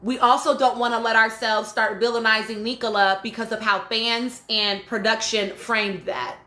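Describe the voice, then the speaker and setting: A woman's voice: a little high, level tone, moderate pace, sharp tone, reverberant. A woman hosting a live stream, talking casually and emphatically and often checking in with "right?" as she reads and answers chat comments. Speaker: podcast host reading live chat.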